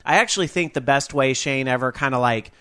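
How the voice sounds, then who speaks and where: A man's voice: mid-range voice, brisk, sharp tone, clear, resonant tone. A man hosting a live gaming podcast, chatting in a rambling, upbeat and casual way. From Northern California. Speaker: podcast host. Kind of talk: casual live radio chat.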